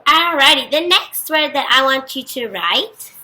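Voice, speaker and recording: A woman teacher giving a recorded phonics lesson to young children, speaking slowly and clearly and praising them often. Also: sits high, animated, pushed and bright, poor audio.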